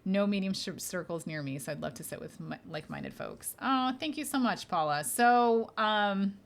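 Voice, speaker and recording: A woman's voice: mid-range voice, expressive, normal speed. A woman hosting a casual podcast as a medium, chatty and reassuring as she answers listener questions. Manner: chatty and reassuring, frequent fillers, laughs lightly.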